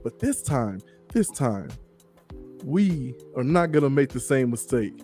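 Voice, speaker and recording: A man's voice: mid-range voice, sing-song, unhurried, dark tone, faint music behind. A man from the American South hosting a podcast in a laid-back, chatty way, laughing easily. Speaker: show host. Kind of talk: casual podcast chat.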